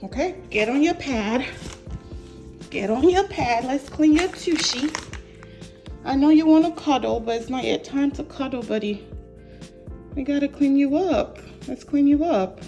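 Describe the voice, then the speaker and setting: A woman's voice: high voice, unhurried, pauses often, dark tone, faint music behind. A young woman vlogger talking to her new puppy, coaxing and praising him in affectionate baby talk.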